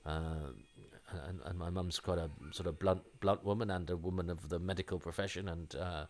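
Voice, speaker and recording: A man's voice: low voice, fairly even intonation, normal speed. A middle-aged man hosting a podcast, talking in a rambling, enthusiastic way with many restarts. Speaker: podcast host. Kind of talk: casual conversational commentary.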